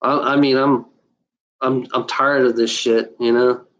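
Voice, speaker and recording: A video maker delivers an off-the-cuff rant, blunt and full of swearing, with lots of restarts and fillers. He speaks a little slowly in a level, slightly bright mid-range voice, captured with lo-fi sound.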